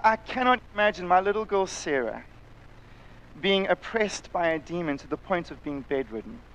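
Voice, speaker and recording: A middle-aged man preaching a sermon, impassioned, sometimes acting out voices and sometimes dropping to a quiet intensity. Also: high-pitched, poor audio. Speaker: pastor. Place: church, live-streamed service.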